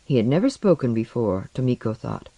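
A narrator reading a science-fiction story aloud in measured storytelling. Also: medium pitch, sing-song, vocal fry, mellow, no room sound, muffled recording. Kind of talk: audiobook narration.

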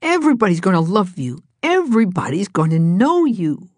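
A woman's voice: medium pitch, very animated, normal speed, darkish tone, no room sound. A woman voicing a fond man who coaxes and fusses over his cat, in a storybook reading. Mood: coaxing. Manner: coaxing, fond.

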